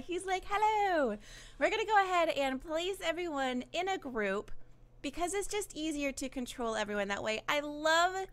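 A woman's voice: high-pitched, fairly bright tone. A young woman giving bubbly, gushing let's-play commentary as she plays a life-simulation game. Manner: bubbly, gushing, squeals with delight. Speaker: gaming YouTuber.

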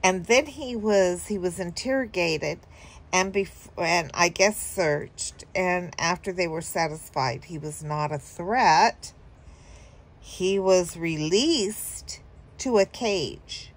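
A woman's voice: lowish voice, takes it slowly. A woman telling a story casually to her viewers, rambling with fillers and chuckling now and then. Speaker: vlogger.

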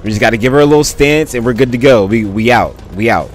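A medium-pitched man talks fast over faint background music while live-streaming a driving game. His casual commentary is hyped and slangy, and he thanks viewers often.

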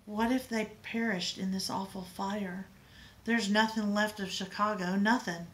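A woman voicing a frightened little girl who sobs and pleads in a high, tearful voice. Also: fairly even intonation, unhurried, close to an everyday voice.

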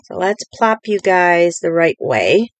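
A woman's voice: on the low side, very animated, slow, no room sound. A woman hosting a live-streamed craft tutorial from a home craft table, talking in a chatty, rambling way with many fillers. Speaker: craft demonstrator.

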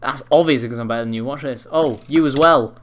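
A young man commentating his own game, rambling and swearing, breaking into angry yells. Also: medium pitch, quick pace. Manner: swears a lot, rambling, bursts into angry yelling. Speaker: gaming commentator. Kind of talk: live gameplay commentary. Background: faint keyboard clicks and typing.

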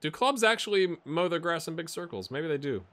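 A man giving casual, amused commentary while playing a football management game, getting excited during the action. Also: fairly high pitch, brisk. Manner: chatty, amused, jumps to excited play-by-play. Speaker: gaming YouTuber. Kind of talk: casual let's-play commentary.

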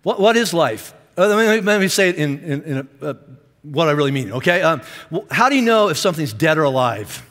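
Animated high-voiced pastor in a reverberant hall. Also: male voice, a little fast. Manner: animated, self-deprecating joking with the congregation. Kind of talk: sermon. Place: large church auditorium.

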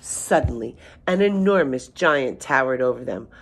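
A woman reading a children's picture book aloud in an expressive storytelling manner. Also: extremely low pitch, moderate pace, husky.

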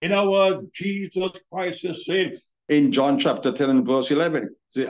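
A man preaching a sermon as pastor, emphatic, with drawn-out words and pauses, calling his listeners beloved. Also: fairly high pitch, steady tone, muffled recording.

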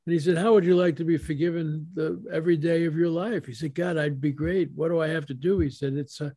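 An older man tells a story in a relaxed, folksy way, slipping into quoted back-and-forth dialogue. His voice sits a little high for a man but sounds dark and mellow. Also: fast talker, husky. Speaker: author guest. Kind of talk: casual storytelling interview.

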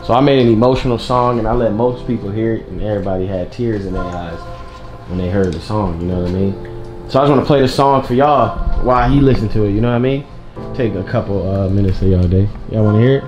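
A man's voice: lowish voice, quick pace. A young man hosting his vlog, chatting and joking with friends in loose street slang. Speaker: vlogger host. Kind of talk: casual vlog chat with friends. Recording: roomy echo with loud music.

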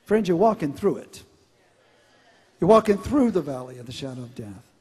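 A man's voice: a little high, big pitch swings, moderate pace, mellow, husky. A male pastor preaching a sermon in a large church, drawing out scripture lines with emphasis and frequent restarts. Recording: reverberant church hall.

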